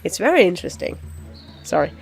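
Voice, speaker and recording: A woman's voice: on the low side, sing-song, a little fast, breathy edge, soft background music. A woman giving casual, rambling gameplay commentary, chatty and giggly. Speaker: let's play commentator.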